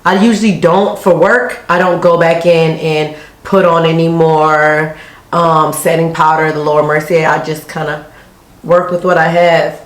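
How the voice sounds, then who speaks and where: A woman's voice: low-pitched, level tone, a little slow. A young woman who is an Army officer, chatting casually and talkatively while doing her makeup. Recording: echoey room.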